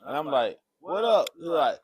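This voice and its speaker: A man's voice: on the high side, sing-song, moderate pace, slightly rough. A man chatting casually, telling a story in a laid-back way and rising for the quoted lines.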